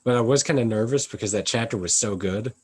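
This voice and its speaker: A man casually chatting about manga as a co-reviewer, animated and quick to laugh along. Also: fairly low pitch, husky. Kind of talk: casual chat.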